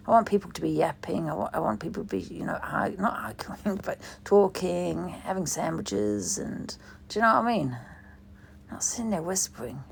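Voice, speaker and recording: A woman's voice: lowish voice, vocal fry, slight background noise. A woman hosting a livestream in rambling, sweary casual chat. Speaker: livestream host.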